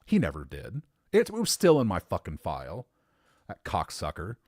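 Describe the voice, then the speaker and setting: A man telling a story in a casual, animated, profane way, getting worked up as he talks. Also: low-pitched, moderate pace, breathy edge, dry recording, studio quality. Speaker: storyteller recounting a former boss.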